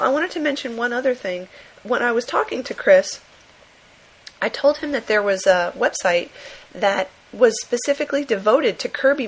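A woman's voice: mid-range voice, husky, low-quality recording. Chatty woman gushing about comics. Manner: enthusiastic, laughing often, many fillers. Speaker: podcast host. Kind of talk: casual book review monologue.

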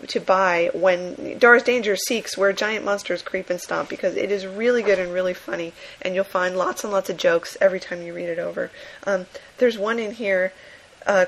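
A woman's voice: mid-range voice, poor audio. Woman podcast host, casual review monologue, enthusiastic and giggly. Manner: enthusiastic, laughing often, many fillers.

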